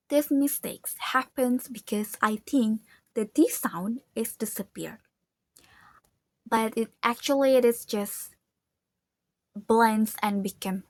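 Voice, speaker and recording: A woman's voice: fairly high pitch, unhurried, a little mellow, dry recording. A young woman student with an Indonesian accent, whose first language is Indonesian. She reads a pronunciation analysis aloud carefully, repeating words to demonstrate their sounds.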